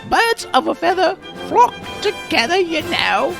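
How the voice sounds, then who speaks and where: A man putting on a falsetto voice and a mock British accent to play a gossipy British woman. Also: huge pitch swings, measured pace, vocal fry, music in the background, full character voice. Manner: falsetto, chatty.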